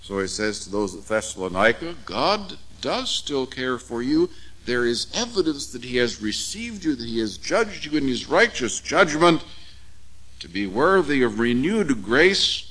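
A man preaching an expository sermon, measured and emphatic, with deliberate pauses on key words. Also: mid-range voice, sing-song, a bit bright, low-quality recording.

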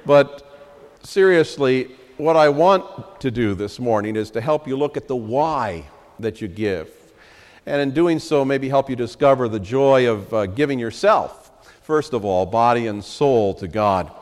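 A man's voice: mid-range voice, lively intonation, a little slow, in a large hall. A middle-aged man preaching a sermon as pastor, reading scripture in earnest and talking it over with frequent "uh" fillers. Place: church sanctuary.

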